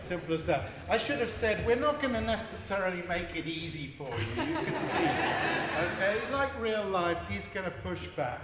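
A man's voice: sits high, big pitch swings, normal speed, very noisy. A man leading an audience through a forum theatre game in a large hall, playful and encouraging as he explains the rules. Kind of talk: guiding a live audience.

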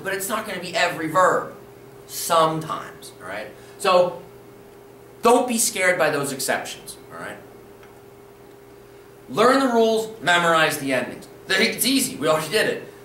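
A man teaches a video language lesson in a patient, encouraging way, checking in often as he repeats the rules. His voice sits a little high. He sounds set back from the mic in an echoey room with a faint hiss behind him. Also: pushed and bright, recorded from a distance. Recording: roomy echo, voice a bit off-mic, faint room noise.

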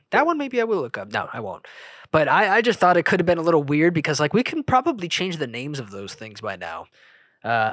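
A young man hosting a solo podcast, rambling and interrupting himself, jumping between loud remarks and mumbled asides. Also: on the high side, dry recording. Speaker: podcast host.

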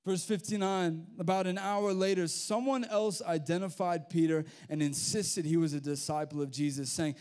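A young man with an Australian accent preaching to a youth group in a casual, animated storytelling manner with slang. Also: on the high side, normal speed, few pauses, clear, resonant tone. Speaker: youth pastor. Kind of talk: sermon with storytelling.

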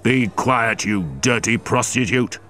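A man's voice: low voice, big pitch swings, a little slow, a bit bright, full character voice. A man reading a storybook, voicing a contemptuous police inspector who speaks coldly and harshly. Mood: angry. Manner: sneering, cold and angry.

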